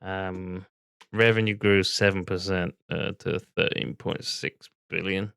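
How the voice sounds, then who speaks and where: A man's voice: low-pitched, steady tone, a little slow, vocal fry, a bit bright, smooth, dry recording, studio quality. A man, casually reacting to a stock video and bluntly swearing at his computer.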